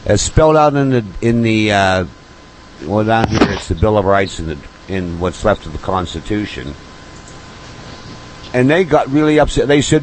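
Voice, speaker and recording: A man's voice: on the low side, animated, moderate pace, rough recording. A man on a talk show as a guest, telling defiant stories and acting out his confrontations. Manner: defiant storyteller, acts out confrontations. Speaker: guest or caller. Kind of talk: casual talk show conversation. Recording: faint background noise.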